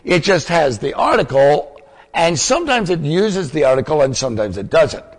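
A man's voice: on the high side, big pitch swings, normal speed. An older man preaching and teaching, quizzing his listeners with questions in an explanatory, teacherly way. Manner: teacherly, asks the audience questions. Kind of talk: sermon teaching. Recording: long hall reverb.

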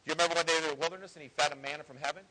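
A man's voice: on the high side, steady tone, racing, bright, forceful tone, low-quality recording. A man preaching a sermon in an earnest, conversational way with folksy asides. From Ohio.

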